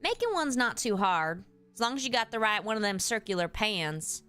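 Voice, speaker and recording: A woman's voice: medium pitch, very animated, moderate pace, bright, forceful tone, clear, resonant tone. A woman doing folksy Southern-drawl streamer Yan. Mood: chatty. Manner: folksy, addresses chat as y'all. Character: folksy Southern streamer character, easygoing and chatty. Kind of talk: live stream chat while playing.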